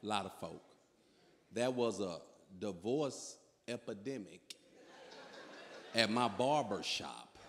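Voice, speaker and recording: A man doing stand-up comedy in a large live venue, telling stories with animated delivery and shouting his punchlines. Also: fairly low pitch, takes it slowly, pauses often, slight background noise. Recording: long reverb of a large venue.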